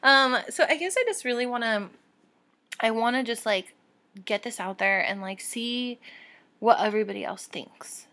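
A young adult woman hosting her own podcast, talking candidly and warmly to listeners with soft laughs and fillers. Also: on the high side, moderate pace. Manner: heartfelt and encouraging toward listeners. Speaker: podcast host. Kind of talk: casual solo podcast talk.

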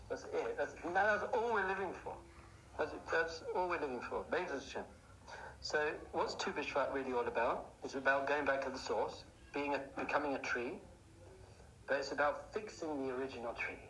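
A man giving a lively Torah class, asking rhetorical questions and building up to excited outbursts. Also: fairly high pitch. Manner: animated, rhetorical questions, bursts into excited shouting. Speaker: Jewish teacher. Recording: echoey room, faint noise.

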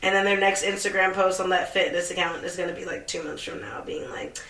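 A woman's voice: lowish voice, little pitch movement, fast, a bit bright, distant mic. A young woman co-hosting a casual chat, ranting sarcastically and swearing a lot. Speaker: podcast co-host. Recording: echoey room, off mic.

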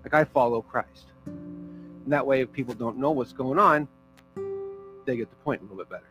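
A man's voice: mid-range voice, normal speed, fairly bright tone, faint music behind, poor audio. A man preaching a sermon as pastor, in a casual, conversational way with fillers and small jokes.

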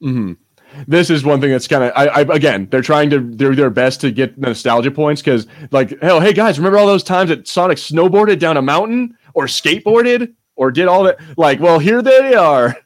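A man's voice: fairly high pitch, animated, moderate pace. A man co-hosting a podcast, rambling and joking with casual swearing. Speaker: podcast co-host.

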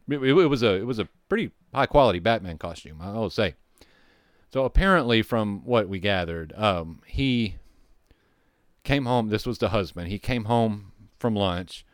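Low, smooth-voiced firefighter spinning a yarn. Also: male voice, animated, normal speed, no echo, studio quality. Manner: rambling, profane, with restarts and asides. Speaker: firefighter telling a call story. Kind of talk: casual storytelling.

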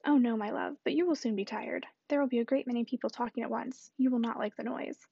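Fretful old gentleman, read by a woman. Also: fairly high pitch, fairly even intonation, quick pace, vocal fry, husky, dry recording, highs cut off. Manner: fretful, soft-spoken. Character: fussy anxious elderly gentleman, gentle invalid father.

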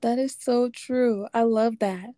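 A woman's voice: fairly high pitch, fairly even intonation, slow pace, mellow, no room sound, clean studio sound. A woman hosting a podcast interview who chats casually and encourages her guest. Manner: encouraging, affirming listener. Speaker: podcast host.

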